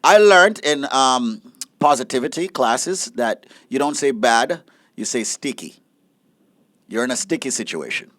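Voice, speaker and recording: A man co-hosting a live call-in show, full of jokes and energy. His pitch swings widely as he teases guests and introduces callers. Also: a little slow, no room sound, clean studio sound. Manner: joking, energetic, lively intonation. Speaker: co-host. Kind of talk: casual radio-show banter.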